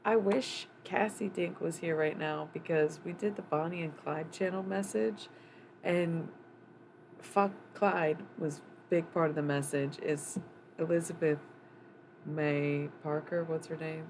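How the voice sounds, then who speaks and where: A woman's voice: sits low, steady tone, unhurried, darkish tone, slight background noise, low-quality recording. A woman livestreaming a casual psychic reading. She rambles loosely, swears freely and thinks aloud with lots of fillers. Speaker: live streamer giving a psychic reading. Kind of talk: casual live-stream chat.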